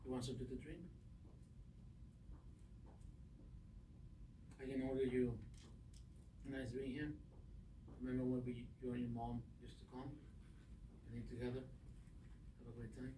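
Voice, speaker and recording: A man in an acting class playing an angry, heartbroken father confronting his estranged daughter, speaking in halting, restrained lines. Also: mid-range voice, level tone, background noise, close to an everyday voice. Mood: bitter, subdued. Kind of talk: acting class scene work. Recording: roomy echo, distant mic.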